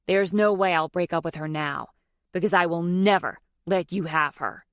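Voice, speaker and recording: Una narradora haciendo de un primo engreído y cruel. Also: female voice, on the low side, smooth, no room sound, clean studio sound, lightly acted. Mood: smug taunting. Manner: smug, slow and taunting. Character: smug, cruel young man, the rival cousin.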